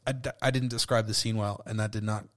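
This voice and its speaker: A man's voice: lowish voice, fairly even intonation, fast talker. A tipsy man hosting a solo podcast, rambling loosely and swearing, often cutting himself off. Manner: loose, profane, self-interrupting. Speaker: podcast host.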